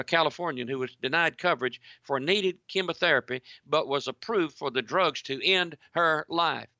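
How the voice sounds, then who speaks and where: A man preaching in an emphatic way, reading out articles and talking straight to his listeners as "ladies and gentlemen". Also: fairly high pitch, creaky, no echo, muffled recording. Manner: emphatic, repeats phrases, addresses the audience directly. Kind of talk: sermon-style commentary reading articles.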